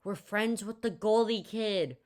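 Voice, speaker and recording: A woman's voice: medium pitch, a little slow, a little mellow, voice pushed up, close to an everyday voice. A woman voicing a pushy, scheming boy at summer camp in a storytime video, speaking close to her own voice. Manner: pushy, mock-threatening.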